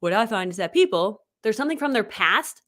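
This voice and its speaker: A woman's voice: medium pitch, very animated, a little fast, fairly bright tone, voice pushed down. A woman putting on a man's voice as she retells what a friend told her. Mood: earnest. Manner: gives up partway, laughing. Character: a man's voice, put on in a low tone.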